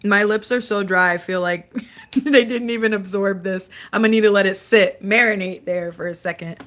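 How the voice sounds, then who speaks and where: A woman's voice: medium pitch, moderate pace. Chatty young woman streaming live. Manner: chatty and animated, laughs often, sings little bits. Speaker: livestream host. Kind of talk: casual livestream chat, reading comments. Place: dark room indoors.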